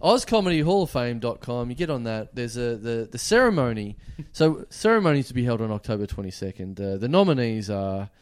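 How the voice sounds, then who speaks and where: An Australian man co-hosting a casual comedy podcast, telling stories in an animated way with plenty of swearing. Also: mid-range voice, brisk, hardly any pauses, clean tone. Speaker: podcast co-host.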